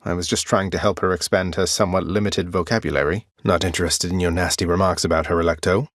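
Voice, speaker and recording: A man's voice: low voice, fairly even intonation, fast, no echo. A man voicing a wry, polite young prince of the underworld, in video game voice lines. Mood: teasing. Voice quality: dry, wry and teasing. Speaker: game character.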